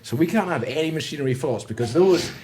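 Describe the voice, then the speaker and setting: A man's voice: a little high, lively intonation, fast talker, a little mellow. A man telling a self-mocking story over casual pub chat, often breaking into laughter. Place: busy pub. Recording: pub with chattering crowd behind.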